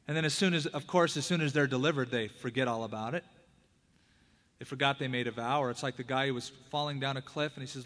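A male pastor preaching a conversational sermon, with big swings between loud emphatic peaks and hushed, low asides. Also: a little fast, pauses often. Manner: conversational preaching, acting out quoted prayers and dialogue. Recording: hall reverb.

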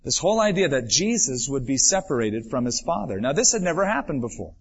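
A man preaching a sermon as pastor, building his voice up for emphasis and then dropping it low and quiet. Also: big pitch swings, brisk, breathy edge. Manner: dramatic preaching, swells and drops for emphasis. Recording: dull lo-fi 1996 church recording.

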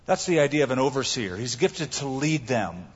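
A man's voice: medium pitch, big pitch swings, moderate pace, husky, in a large hall, highs cut off. A man pastor preaching a sermon, emphatic and repeating his key phrases for the congregation. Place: church sanctuary.

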